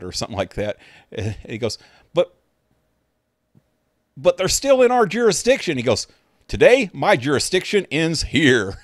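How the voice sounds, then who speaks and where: A man's voice: mid-range voice, dry recording. A man with a mid-range voice rambling casually as a game streamer, laid-back and loose with the occasional swear word. The sound is close and dry. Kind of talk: casual chat.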